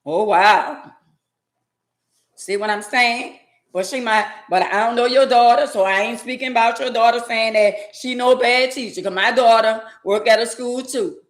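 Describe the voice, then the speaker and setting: A woman's voice: fairly high pitch, moderate pace, echoey room. Blunt woman talking back to chat. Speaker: live-stream host. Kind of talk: casual live-stream commentary.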